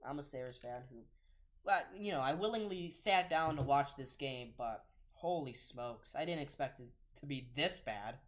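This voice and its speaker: A man's voice: medium pitch, expressive, normal speed, slight background noise. A young man in his late teens hosting a live reaction stream, calling hockey play-by-play in an exasperated, ranting way and repeating himself. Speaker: livestream host.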